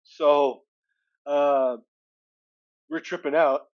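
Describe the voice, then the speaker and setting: A man's voice: a little high, steady tone, very slow, dull audio. A man in his sixties from California, a podcast guest telling a personal story in a loose, conversational way. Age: 60s. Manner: loose, conversational, retells dialogue with "he goes".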